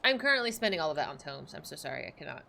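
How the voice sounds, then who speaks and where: A woman's voice: deep voice, sing-song, racing, gravelly, bright, forceful tone. A woman livestreaming a video game, chatting playfully with her viewers, joking about herself and laughing often. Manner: talks to chat while reading game text. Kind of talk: casual gameplay chatter.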